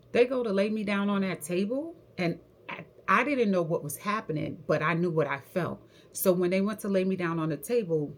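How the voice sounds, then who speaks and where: Speaking to camera in a rather low voice, a young woman who works as a hair stylist casually shares a personal story. Her delivery is slangy and animated, and she acts out other people's lines.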